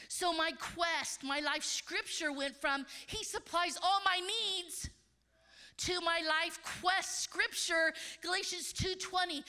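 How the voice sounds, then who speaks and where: A woman in her fifties preaching in a large church, swinging between loud exclamations and hushed asides. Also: very high-pitched. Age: 50s. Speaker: conference speaker. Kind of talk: sermon.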